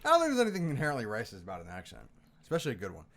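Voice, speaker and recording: A man's voice: mid-range voice, wildly swooping pitch, racing, fairly bright tone. Brash, profane man co-hosting. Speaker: podcast co-host. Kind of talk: casual chat.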